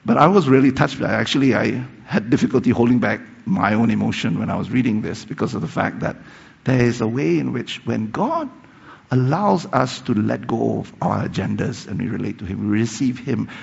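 A husky, gravelly male preacher with an expressive mid-range voice speaks a little fast while retelling a sermon story, building emphatic peaks and then going soft and hushed. The large hall adds a long reverb, and the audio sounds dull and lo-fi.

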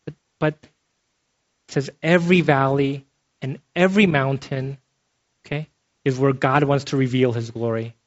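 A man's voice: mid-range voice, steady tone, a little slow, pauses often. A man preaching a sermon in a conversational way, often checking in with his listeners by asking "okay?". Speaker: pastor. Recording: dull lo-fi sound.

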